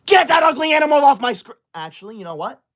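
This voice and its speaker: A man's voice: high-pitched, animated, normal speed, a bit bright. A man in his twenties playing a pompous, bossy young male livestreamer who scolds his chat while reading super chats, as a comedy character. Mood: indignant. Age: 20s.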